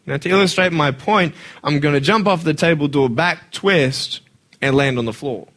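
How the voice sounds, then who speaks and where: A man giving a motivational speech to a live audience. He swings between hushed and loud and keeps asking rhetorical questions. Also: fairly high pitch, normal speed. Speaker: motivational speaker.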